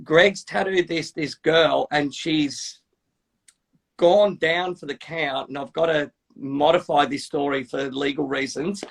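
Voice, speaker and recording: A man, a podcast host telling tattoo-shop anecdotes in a chatty, animated way. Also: on the high side, slow, gravelly. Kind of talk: casual storytelling.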